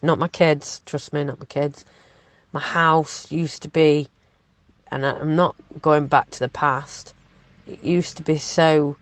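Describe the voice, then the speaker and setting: A woman's voice: deep voice, no room sound. A woman venting her frustration, swearing often and hesitating with many ums. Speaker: woman speaking about her partner in a recorded clip. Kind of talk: venting monologue.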